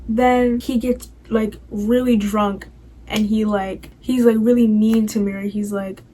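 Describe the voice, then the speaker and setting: A woman's voice: medium pitch, little pitch movement, unhurried, warm tone, slight background noise, poor audio. A young woman casually recapping a TV show, rambling and filling her talk with "like" and "you know".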